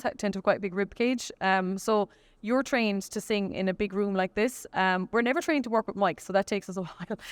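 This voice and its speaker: A young woman with a Kerry Irish accent, a guest singer chatting quickly in an interview, laughing often and restarting her sentences. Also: medium pitch, no echo. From Killarney, County Kerry, Ireland. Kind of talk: casual interview chat.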